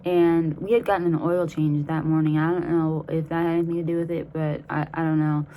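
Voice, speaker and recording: A woman's voice: sits low, little pitch movement, fairly quick, mellow, slight background noise, low-quality recording. A young woman in her twenties telling a rambling, profane story in a casual way, laughing as she goes. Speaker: vlogger.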